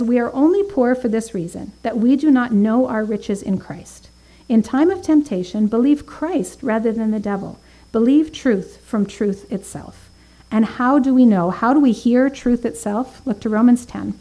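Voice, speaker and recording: Mellow-voiced woman teaching a Bible study. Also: on the high side, poor audio. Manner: earnest, reads scripture aloud with emphasis; thinks aloud with fillers and restarts.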